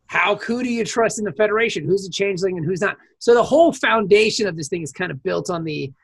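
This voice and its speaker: A woman's voice: medium pitch, quick pace, breathy edge. A woman co-hosting a casual podcast, chatting loosely about a TV show and breaking into playful bits. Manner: playful, slips into silly put-on voices and laughs a lot. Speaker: podcast co-host. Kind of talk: casual chat.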